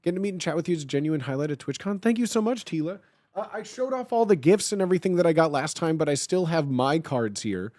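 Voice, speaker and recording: A young man with a hoarse, gravelly, blown-out voice, chatting playfully and rambling with his live-stream audience. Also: fairly high pitch, lively intonation, fast talker, darkish tone, no room sound, clean studio sound. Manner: playful, greets chat over and over, rambling. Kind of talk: casual live-stream chat, reading chat aloud.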